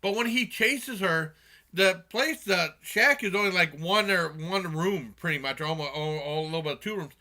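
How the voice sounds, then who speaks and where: Bright, rambling man reviewing a movie. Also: a little high. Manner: rambling, many fillers and restarts. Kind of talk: casual spoken movie review.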